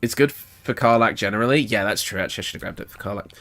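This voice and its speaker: A man's voice: on the low side, racing, fairly bright tone, faint music behind. Chatty British man streaming a game. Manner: thinks aloud, chatty, laughs often. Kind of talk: casual gameplay livestream commentary.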